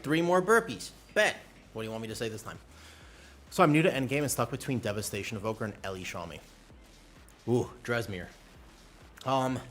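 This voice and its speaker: Lively playful male streamer. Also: medium pitch, a little hiss or hum. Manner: playful, rambling, reacts aloud to chat. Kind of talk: casual livestream chat with viewers.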